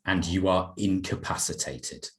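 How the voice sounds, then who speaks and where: Measured man narrating a game. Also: deep voice. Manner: measured, descriptive storytelling. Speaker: game master. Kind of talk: narrating a tabletop role-play game.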